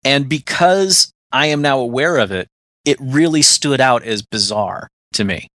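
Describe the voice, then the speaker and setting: A man's voice: mid-range voice, animated, measured pace, fairly bright tone, no room sound. An American man co-hosting a podcast, talking at length in casual chat and laughing often. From United States. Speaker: podcast co-host.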